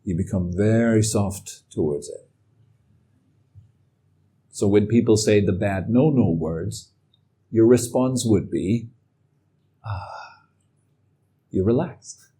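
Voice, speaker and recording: A man giving a calm, reflective talk as a meditation teacher. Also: fairly low pitch, slow pace, pauses often, husky. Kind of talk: dharma talk.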